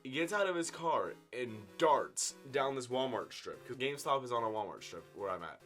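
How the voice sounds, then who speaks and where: A man in his twenties tells a casual story-time tale to his viewers, with big swings in loudness and pitch. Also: lively intonation, normal speed, faint music behind. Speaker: vlogger telling a story. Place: indoor room at home.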